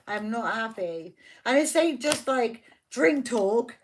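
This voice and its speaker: A woman's voice: on the high side, lively intonation, slow, background noise. Fired-up, foul-mouthed woman tarot reader. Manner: heated, swears constantly; fiercely protective of the viewer. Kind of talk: live tarot reading stream.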